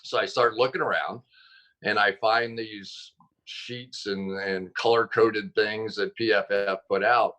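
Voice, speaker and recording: A man, a former football player and broadcaster, telling stories as a guest over a video call, animated and self-deprecating, laughing often. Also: lowish voice, unhurried, lo-fi sound.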